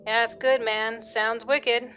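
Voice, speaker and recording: Woman putting on a careless young dude, slangy and offhand, slightly higher voice. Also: level tone, takes it slowly, pushed and bright, soft background music. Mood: dismissive. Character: careless young man night guard.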